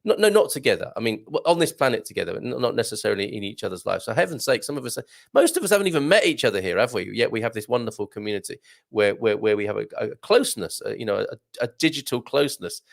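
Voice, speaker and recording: A man's voice: on the low side, very animated, fast, vocal fry. A man hosting a live stream, reading viewer comments and musing aloud in a wry, rambling way. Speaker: online community host.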